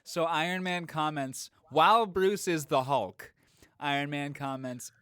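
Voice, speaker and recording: A man co-hosting a casual podcast, joking loosely and stumbling through restarts. His voice sits a little high, and the recording is dry and close. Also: measured pace, a bit bright, smooth, dry recording. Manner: loose, jokey, restarts often. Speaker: podcast co-host. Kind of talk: casual chat.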